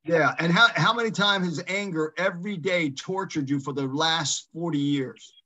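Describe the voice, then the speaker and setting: A man coaching a group over a call, his voice sitting a bit high. He talks emphatically and circles back over the same phrases to drive them home. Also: moderate pace, bright, forceful tone, highs cut off. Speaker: real estate coach leading a mastermind call. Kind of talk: motivational coaching talk.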